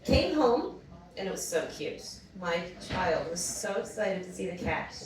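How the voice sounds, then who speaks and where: A young woman telling a funny personal story on a comedy stage. She talks in an animated way, laughs often and acts out the voices in her story. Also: on the low side, a little slow. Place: small comedy venue. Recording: roomy distant mic with audience. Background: audience laughing.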